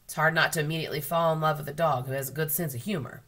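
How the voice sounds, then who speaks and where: An American school librarian reads a children's novel aloud to her students. Her voice sits low and a little breathy. She tells the story with expressive emphasis. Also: fast, hardly any pauses. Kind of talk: children's book read-aloud.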